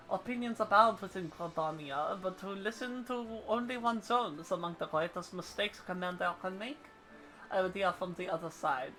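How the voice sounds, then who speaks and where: Girl reading out a stiff formal male commander, bright tone, game music low in the back. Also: natural voice, rough recording. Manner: reads quest dialogue aloud in a formal, deliberate tone. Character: stately male military commander, formal and measured.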